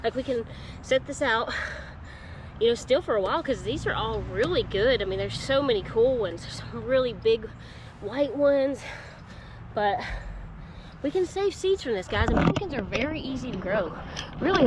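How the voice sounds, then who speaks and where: A young woman talks to her phone camera in a casual, excitable vlog style, filling her talk with "like" and "guys." Her voice sits a little high. The recording picks up clear background noise from outdoors and around her car. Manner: chatty and excitable, says "like" and "guys" often. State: out of breath. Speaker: vlogger. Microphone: phone on a small tripod.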